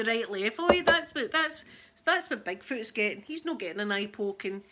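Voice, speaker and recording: Bright-voiced Scottish woman chatting. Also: on the high side, animated, normal speed, a little hiss or hum. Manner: chatty storyteller who laughs often. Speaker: livestream host. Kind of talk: casual chat with viewers.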